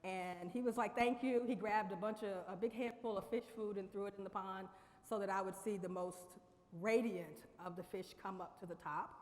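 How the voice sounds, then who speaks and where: A woman telling a personal story as a convocation speaker, conversational and quick to laugh, turning to the audience often. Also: medium pitch, fairly even intonation. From Lexington, Kentucky. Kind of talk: storytelling speech. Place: large chapel. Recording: long reverb of a chapel hall.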